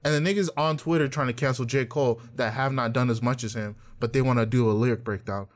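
A man's voice: medium pitch, steady tone, fast talker. A man hosting a casual podcast chat, talking bluntly with lots of profanity and heated rants. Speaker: podcast host.

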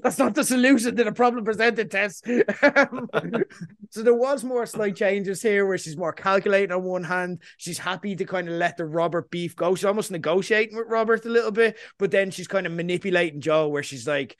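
A man hosting a casual podcast discussion, talking in an animated way and often asking "you know what I mean". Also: sits high, fairly quick. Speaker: podcast host.

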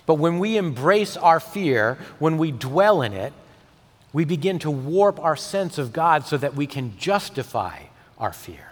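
A male pastor delivering a sermon, swinging from emphatic peaks to soft, intimate tones. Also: on the high side, sing-song, measured pace. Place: church sanctuary. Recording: long hall reverb.

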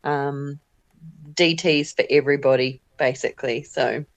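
A woman's voice: very deep voice, steady tone, a little slow, no echo. A woman from New Zealand with a New Zealand accent, a guest in a casual chat, cheerful and jokey with many fillers.

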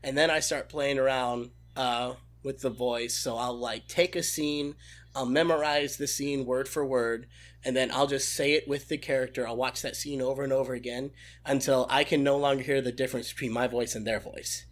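A young man talking casually in an interview about doing character voices, animated and enthusiastic. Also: mid-range voice, normal speed. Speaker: guest voice impressionist.

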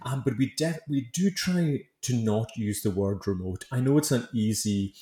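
A guest baker and author from the Isle of Lewis in the Outer Hebrides chats casually in an interview, friendly and laughing lightly in his Hebridean Scottish accent. His voice is medium-pitched and warm at a moderate pace, in an echoey room.

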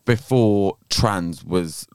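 A man's voice: low voice, very slow, darkish tone, clear, resonant tone, dry recording, clean studio sound. A man co-hosting a podcast, telling stories with a lot of giggling. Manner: giggly, gossipy storytelling. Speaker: podcast co-host. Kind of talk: casual chat.

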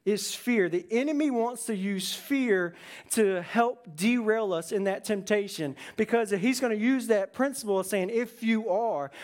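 A pastor preaching a sermon in a lively, conversational way, often checking in with "right?" and acting out quoted voices with sudden shifts in pitch.

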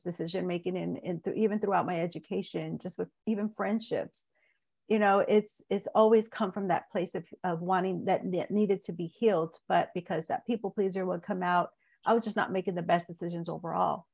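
A woman in her forties, a guest on a wellness talk show, sharing her personal healing story in an earnest, halting way with many restarts. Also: fairly low pitch, steady tone, vocal fry, darkish tone, breathy edge. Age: 40s. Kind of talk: podcast interview, personal story.

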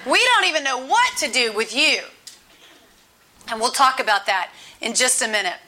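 A woman gives a chatty sermon as a Bible teacher, leaning on repeated phrases for emphasis. Her voice sits high and rings bright and forceful. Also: sing-song, normal speed. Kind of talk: conversational sermon.

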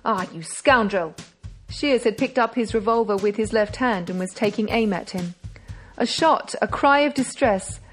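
A woman narrating a classic novel as an audiobook, measured and dramatic. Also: fairly high pitch, faint music behind.

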